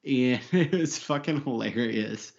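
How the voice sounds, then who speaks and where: A man's voice: medium pitch, measured pace, gravelly, lo-fi sound. A man co-hosting a podcast in casual banter, joking, laughing often and swearing. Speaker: podcast co-host.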